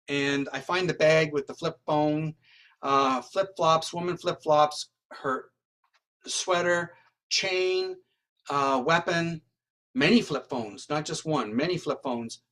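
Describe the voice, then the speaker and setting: Man from Canada, slightly high voice. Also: a bit bright. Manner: rambling, acts out quoted dialogue. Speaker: interview guest. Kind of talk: animated anecdotal storytelling.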